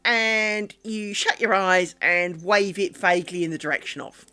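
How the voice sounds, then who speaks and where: A woman's voice: mid-range voice, lively intonation, normal speed, hardly any pauses, pushed and bright. A woman live-streaming at home, chatting casually and wryly on a desk mic, teasing herself and talking to her pets. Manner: chatty, wry, self-deprecating, talks to her pets. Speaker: craft streamer. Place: home craft room. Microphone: desk microphone.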